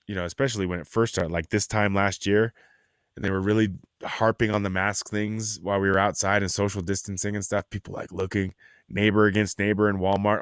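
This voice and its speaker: A man's voice: fairly low pitch, a little fast, clear, resonant tone, no room sound, studio quality. A man hosting a podcast, chatting casually, telling stories with lots of swearing and mocking voices. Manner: animated storyteller, mocking voices, swears a lot. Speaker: podcast host. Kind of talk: casual profane chat.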